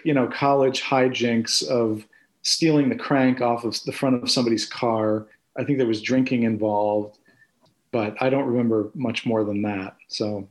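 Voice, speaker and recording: A man being interviewed for an oral history, reminiscing in a reflective, hesitant way with many restarts. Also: mid-range voice.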